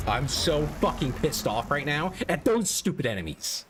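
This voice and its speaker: A man's voice: a little high, very animated, moderate pace, few pauses, noisy background. A male streamer giving live gameplay commentary, ranting sarcastically and swearing in exasperation. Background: game music.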